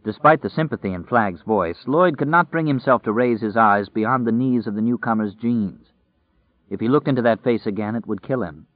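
A man reads an audiobook with steady, measured narration. His voice sits in a mid range. The recording is dry and thin, like a phone line. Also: mid-range voice, no room sound. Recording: dry, tinny phone-like sound.

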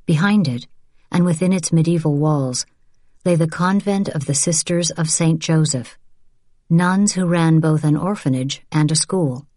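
A woman in measured, unhurried scripted audiobook narration. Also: low-pitched, warm tone, no room sound, clean studio sound.

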